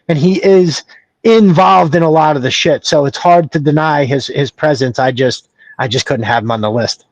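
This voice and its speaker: A man with a fairly high voice talks as a guest on a casual podcast. He speaks in a reflective way, searching for his words, and the recording is dry and close. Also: a little mellow, no room sound, rough recording.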